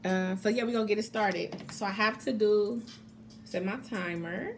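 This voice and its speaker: A woman chatting casually to camera as a mukbang vlogger, excitable and calling her viewers y'all. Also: mid-range voice, normal speed, slight background noise.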